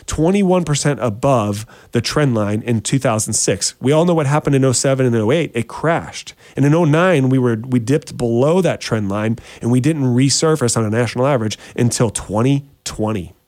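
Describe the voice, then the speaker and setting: A man's voice: mid-range voice, normal speed, few pauses, a little mellow, dry recording. Talk-show host, male, easygoing explainer, dry close sound. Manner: chatty, addresses listeners as friends, repeats words while thinking. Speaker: real estate show host.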